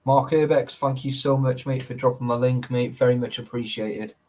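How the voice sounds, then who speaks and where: A man hosting a live stream, chatting loosely with viewers and the people around him. His pitch sits in the middle range. He talks in a laddish way, swears freely and laughs a lot. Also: fairly even intonation, moderate pace, dark tone, poor audio. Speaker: livestream host. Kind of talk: casual live-stream chat.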